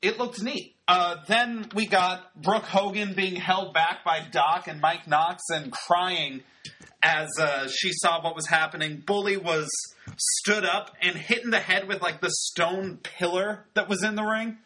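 A man's voice: sits high, steady tone, a little slow, pushed and bright, slight background noise. A man giving casual, wry commentary on a wrestling show, talking loosely with lots of fillers. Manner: chatty, wry, many fillers.

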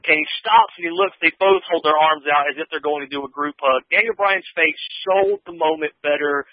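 A man on a podcast chats through a recap in a loose, rambling way, full of fillers and quick acted-out quotes. His voice sits a bit high and comes over a thin, tinny phone line with a dry, close sound. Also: dry recording. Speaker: podcast co-host recapping wrestling. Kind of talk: casual recap chat.

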